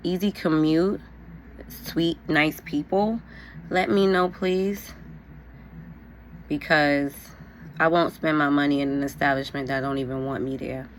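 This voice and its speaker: Getting ready on camera, a young vlogger from New York shares a story in a frank, casual way, leaning on "like" and "you know." She speaks low and fairly evenly, unhurried with long pauses, over slight background noise.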